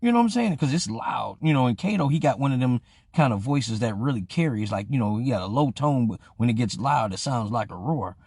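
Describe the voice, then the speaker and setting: A man's voice: mid-range voice, fairly quick, creaky, slightly rough, dry recording. A young man hosting a live stream, telling a profane story, acting out each voice and greeting viewers along the way. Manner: profane, animated, acts out the voices. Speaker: host of a live-streamed show. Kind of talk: casual storytelling.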